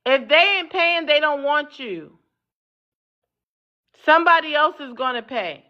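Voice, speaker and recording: A woman's voice: sits high, lively intonation, unhurried, muffled recording. A woman hosting a live talk show panel who keeps cutting in and firmly tells others to hold on. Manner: bossy, cuts in, hold on repeatedly.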